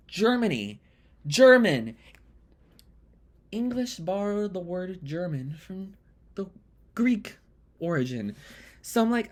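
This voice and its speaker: A man's voice: high-pitched, big pitch swings, slow, pauses often. Exasperated swearing vlogger man. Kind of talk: comedic casual monologue.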